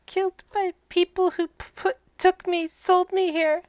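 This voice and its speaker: A woman's voice: extremely high pitch, little pitch movement, unhurried, a little mellow, no echo, voice pushed up. A woman voicing a small frightened caged flying monkey that pleads in short broken phrases. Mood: sad.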